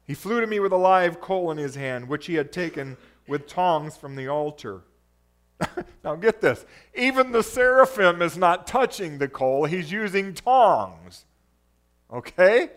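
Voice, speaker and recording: A man's voice: high-pitched, expressive, a little slow. A man preaching a sermon, reading scripture emphatically and calling to the audience for responses. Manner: emphatic, rises to loud exclamations when reading scripture.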